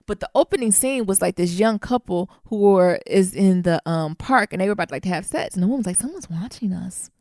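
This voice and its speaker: Profane, animated woman podcast co-host. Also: medium pitch, fast, few pauses, dry recording, studio quality. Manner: animated, profane storytelling with acted-out quotes. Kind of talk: casual chat.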